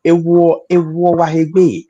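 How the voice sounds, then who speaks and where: A man's voice: fairly high pitch, monotone, slow, mellow, lo-fi sound. A man speaking as a panel guest in a studio discussion, hesitant, repeating words and laughing often.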